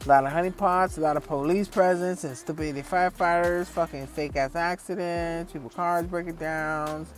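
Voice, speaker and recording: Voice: medium pitch, moderate pace, hardly any pauses. Profane rambling vlogger with faint music. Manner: profane, rambling, frequent fillers; lively storyteller acting out others. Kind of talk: casual rambling monologue.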